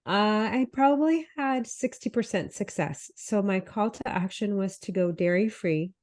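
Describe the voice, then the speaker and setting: A woman's voice: mid-range voice, moderate pace, darkish tone. Female co-host with a cold, nasal and congested, casual and self-deprecating. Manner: chatty, self-deprecating, tells stories. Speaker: podcast co-host, health coach. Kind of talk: casual chat.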